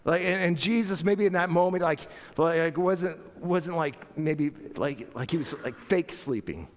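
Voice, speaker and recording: A middle-aged male pastor preaching a sermon in a church, animated and playful, acting out voices with laughter. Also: fairly high pitch, a little slow. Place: church sanctuary. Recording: long church reverb.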